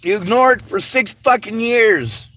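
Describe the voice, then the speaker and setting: A man delivering a bitter, angry vlog monologue, swearing heavily and rising into shouts. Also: high-pitched, expressive, a little slow, slight background noise. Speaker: vlogger.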